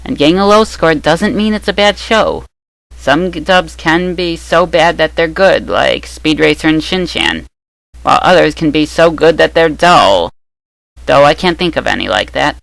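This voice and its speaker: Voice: medium pitch, animated, normal speed, gravelly, fairly bright tone, no room sound, low-quality recording. A young adult anime dub reviewer reading scripted opinion commentary, opinionated and dropping sarcastic asides.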